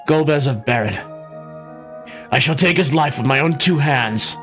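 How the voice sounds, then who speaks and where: A man's voice: a little high, normal speed, a bit bright, faint music behind, close to an everyday voice. A man voicing a vengeful old male sage in a game read-through, curt and harsh. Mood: bitter.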